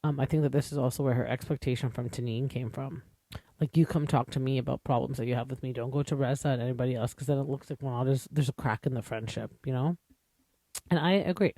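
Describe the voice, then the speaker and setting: A man's voice: mid-range voice, steady tone, fast, warm tone, no room sound. A man hosting a podcast, giving a chatty, opinionated recap with lots of asides and fillers, English as his first language. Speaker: podcast host. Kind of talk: casual recap commentary.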